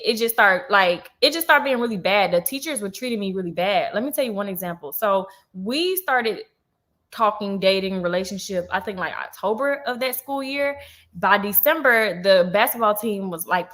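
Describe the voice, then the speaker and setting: A woman in her twenties hosting a livestream, telling a personal story in a casual, animated way, full of slang and asides to her viewers. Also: medium pitch. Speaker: livestream host.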